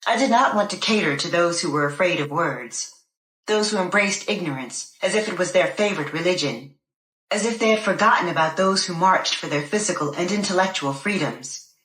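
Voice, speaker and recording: A woman narrating an audiobook in the first person, with a measured, expressive reading. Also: lowish voice, reverberant, poor audio.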